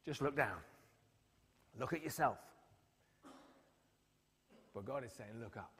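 A man's voice: medium pitch, slow, gravelly, slight background noise. A man preaching a sermon, telling the story with acted-out quotes. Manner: storytelling, acts out quotes with lively voices. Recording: long hall reverb.

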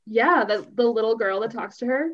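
A woman's voice: a little high, normal speed. A woman co-hosting a podcast, chatting casually, hesitant and trailing off. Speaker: podcast co-host. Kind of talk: casual chat. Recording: slightly dull lo-fi audio.

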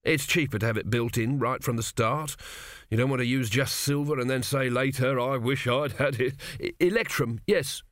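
A man voicing an eager, fawning salesman with a smooth sales patter. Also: medium pitch, normal speed, fairly bright tone, dry recording, natural voice.

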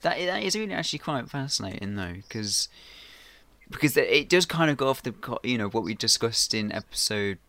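Guy hosting a podcast, bright voice, rambles a lot. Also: medium pitch, sing-song, brisk, no room sound. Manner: rambling, laughs often. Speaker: podcast co-host. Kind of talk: casual chat.

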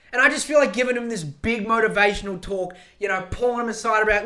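A man's voice: high voice, fast talker, few pauses, bright, forceful tone. A man hosting a podcast alone, ranting in a profane, rambling, emphatic way. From Australia. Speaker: podcast host. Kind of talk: solo podcast rant.

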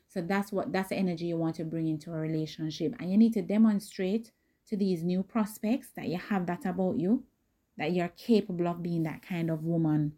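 A woman hosting a dating advice talk, speaking directly and emphatically in a casual way, with a voice that is not high or squeaky. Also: normal speed, dark tone. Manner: direct, emphatic, conversational with quoted asides.

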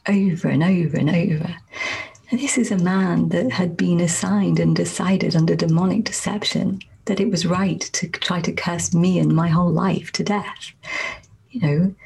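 Woman, minister's testimony; very husky and breathy, unhurried, low-ish, halting, near-whispered. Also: rough recording. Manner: soft, halting, often slips into a near whisper. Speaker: Christian minister sharing a testimony. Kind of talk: slow, reflective spoken testimony.

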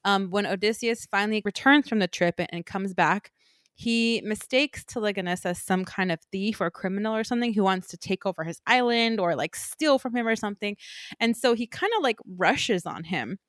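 A woman co-hosting a podcast, casually recapping a novel in animated chat. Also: medium pitch, moderate pace, no room sound, clean studio sound. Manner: animated, acts out characters in quotes.

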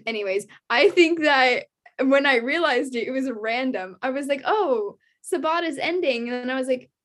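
A young woman talks excitedly in a casual chat, her voice sitting a bit high. She gushes, laughs often and fills her sentences with "like" and "um". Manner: gushing, filler-heavy, laughs often.

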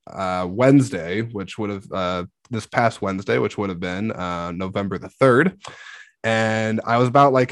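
A podcast host with a lowish voice, talking in a loose, rambling way and poking fun at himself. His voice is close and dry on a studio mic, with no room sound. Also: no echo. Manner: joking, self-deprecating, rambling. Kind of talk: casual chat. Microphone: studio microphone.

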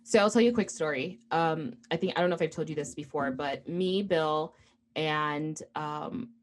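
Young woman podcast co-host rambling thru a story, lots of ums and likes, kinda lower voice. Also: moderate pace. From United States. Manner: rambling storytelling with many fillers. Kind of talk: casual chat.

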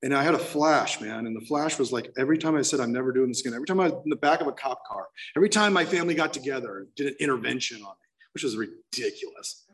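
A man's voice: mid-range voice, lively intonation, fast talker, fairly bright tone, recorded from a distance. A man candidly telling his personal recovery story, emotional, with many restarts. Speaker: speaker sharing his story.

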